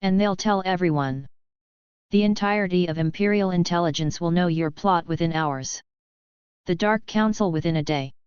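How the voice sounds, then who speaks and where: A woman voicing a calm, unshakable male alien tactician, speaking measured and even. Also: on the low side, smooth, no room sound, muffled recording, close to an everyday voice.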